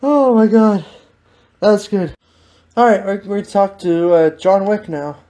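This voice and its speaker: A woman's voice: mid-range voice, measured pace, mellow. A woman hosting a casual improvised chat, teasing and laughing often. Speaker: host.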